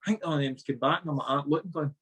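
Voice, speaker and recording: A man's voice: fairly high pitch, racing, breathy edge. A Scottish man, a former footballer, casually telling a story and acting out the voices of the people in it. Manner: animated, swearing, acts out dialogue.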